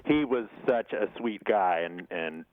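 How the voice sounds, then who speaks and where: A man who is an actor guest in a casual interview, rambling with many restarts and quick chuckles. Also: lowish voice, lively intonation, dry recording, narrow, tinny audio.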